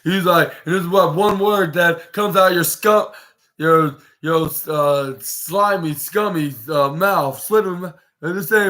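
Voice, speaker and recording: A man's voice: high-pitched, measured pace. A man hosting a podcast, rambling through a casual wrestling recap with lots of restarts and fillers, and acting out what the wrestlers said. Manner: animated, acts out quoted lines. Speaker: podcast host.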